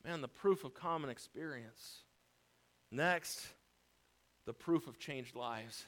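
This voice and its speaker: A man preaching a sermon, with dramatic swings from hushed, low passages to emphatic shouting and repeated punchlines. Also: slow pace. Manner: emphatic repetition.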